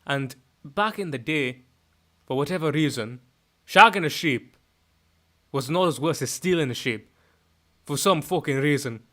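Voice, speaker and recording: Man doing a ranting Scottish lad, put-on Scottish accent, bright lively voice, loud swearing bluster. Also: fairly high pitch, unhurried, pauses often. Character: brash, foul-mouthed Scottish man ranting. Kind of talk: comic impression on a live stream.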